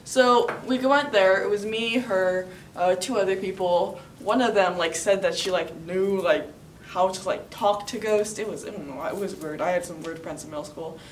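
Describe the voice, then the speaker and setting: A woman's voice: medium pitch, moderate pace. A teenage girl from Florida casually telling a personal story, chatty and full of filler words. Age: teens. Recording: roomy sound from a distant mic, faint noise.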